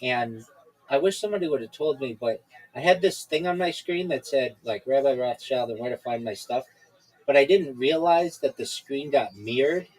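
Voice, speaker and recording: Speaking at a normal speed with an animated, medium-pitched voice, the man hosts a podcast over video call. His casual chat wanders, full of fillers and restarts, and the recording is low quality.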